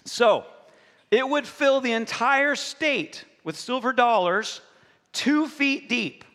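Lively high-voiced pastor in a reverberant hall. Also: male voice, slow. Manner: joking, animated, talks to the congregation. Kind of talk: sermon. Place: church hall.

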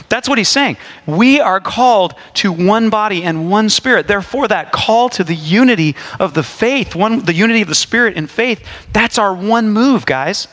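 Delivering his sermon in a chatty, story-driven style full of jokes, asides and restarts, this pastor in his forties sounds animated. His high voice is fairly bright and moves at a normal speed.

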